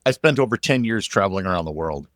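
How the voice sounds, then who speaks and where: A man's voice: low voice, lively intonation, fast talker, dry recording, studio quality. An American man hosting a podcast, telling rambling anecdotes full of fillers and restarts. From United States. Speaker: podcast host. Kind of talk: casual podcast conversation.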